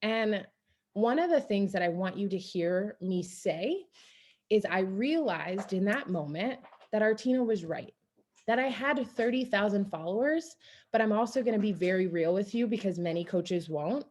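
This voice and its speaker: A young adult woman speaking on a team coaching call, telling her story in an energetic, animated way. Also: mid-range voice, normal speed. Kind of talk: motivational team call talk.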